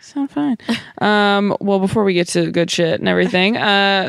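Woman, middle pitch, measured, steady, podcast chat and read-out tips, dry sound. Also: gravelly, clear, resonant tone, dry recording. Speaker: podcast co-host.

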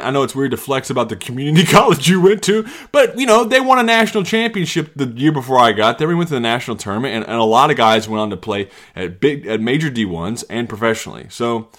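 A man in his thirties hosting a solo podcast from his basement. He rants and jokes, jumping from loud mocking bits to low muttered asides. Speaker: podcast host. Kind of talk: solo comedic rant. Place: home basement.

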